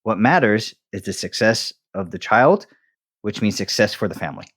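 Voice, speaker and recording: Lively-pitched man, wry podcast banter. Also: normal speed, slightly rough. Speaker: podcast co-host. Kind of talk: casual podcast conversation.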